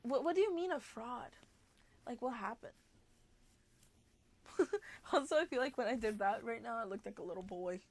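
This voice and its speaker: A woman's voice: fairly high pitch, normal speed, long pauses, darkish tone. A young woman livestreamer chatting casually with her viewers, bubbly and giggly, often gasping and restarting her sentences.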